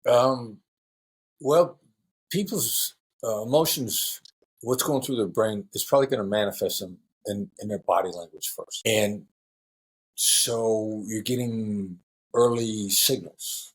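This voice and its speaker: A middle-aged man, a former hostage negotiator, answering interview questions in a relaxed storytelling way and acting out quoted voices. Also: fairly low pitch, takes it slowly, breathy edge.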